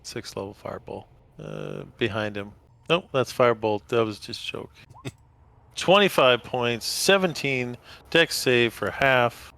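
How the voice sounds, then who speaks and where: A man plays at a tabletop game, laid-back and quick with a joke. His voice is smooth and resonant with a gravelly edge underneath. He talks through his character's moves casually. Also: medium pitch, pushed and bright. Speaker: player.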